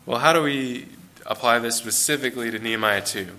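The preacher, an American man with a medium-pitched voice, talks a little fast and keeps the sermon relaxed and conversational, correcting himself and using fillers as he goes.

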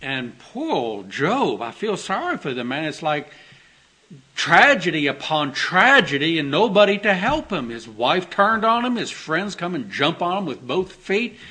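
A man preaching a gentle, earnest sermon, telling stories with soft dips and tender emphasis. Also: on the high side, big pitch swings, measured pace, husky. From Texas.

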